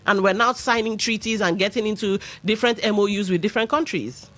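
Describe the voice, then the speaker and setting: A woman's voice: medium pitch, fast talker, fairly bright tone. A Nigerian woman hosting a radio talk show, giving opinionated commentary with pidgin asides. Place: radio studio.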